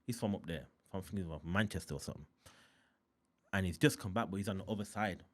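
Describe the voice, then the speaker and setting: A man's voice: low voice, quick pace. A man from Birmingham with a Birmingham accent, an interview guest telling a story in casual, slangy talk and acting out the scenes. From Birmingham, England. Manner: animated, slangy, acts out scenes.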